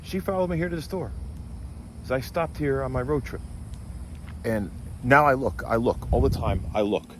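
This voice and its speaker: A man vlogging about a stalker while he travels, anxious and full of questions, sometimes muttering low and sometimes breaking into excited high bursts. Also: normal speed, long pauses. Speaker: paranormal vlogger. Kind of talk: vlog narration, talking to camera. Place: in and around his car on a road trip. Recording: noisy background, car and road sounds.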